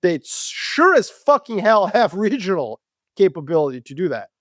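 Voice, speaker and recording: A man co-hosting a podcast, debating world affairs in an animated, profane, casual way. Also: high voice, normal speed, no echo, clean studio sound. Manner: animated, profane, acts out quoted voices. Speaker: podcast co-host.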